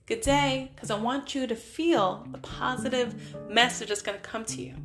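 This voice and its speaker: A woman's voice: on the high side, moderate pace, over music. A middle-aged woman hosting a podcast, giving casual motivational talk in a direct, emphatic way straight to the listener. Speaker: podcast host.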